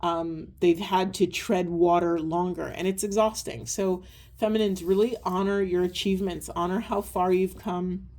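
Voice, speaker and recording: Woman, spiritual card reader, soft earnest rambling delivery, lowish mellow voice. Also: fairly even intonation, normal speed. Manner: soft, earnest, meandering with many ums. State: tearful at times. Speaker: tarot and oracle reader. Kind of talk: spiritual card reading monologue.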